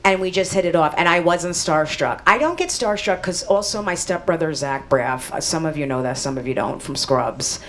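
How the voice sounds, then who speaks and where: A woman comedian telling a story as an interview guest, animated, laughing often and swearing freely. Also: low-pitched, moderate pace, hardly any pauses. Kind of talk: casual storytelling.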